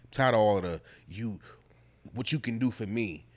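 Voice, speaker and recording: A man's voice: on the low side, normal speed. A man co-hosting a podcast, ranting bluntly in a casual, fired-up way and repeating his points. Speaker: podcast co-host. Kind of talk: heated casual podcast rant.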